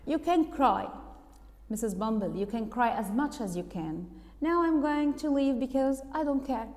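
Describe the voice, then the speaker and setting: Woman teacher doing a slow dismissive husband, rude and lazy, storybook voice, echoey room. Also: high voice, lively intonation, darkish tone. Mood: mocking. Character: lazy, rude middle-aged workhouse master.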